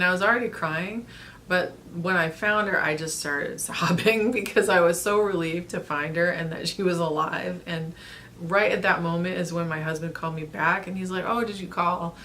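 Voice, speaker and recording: Soft-spoken woman telling a personal story. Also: lowish voice, a little hiss or hum. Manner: earnest, rambling, with frequent restarts and soft laughs. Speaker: vlogger. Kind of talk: casual storytelling to camera.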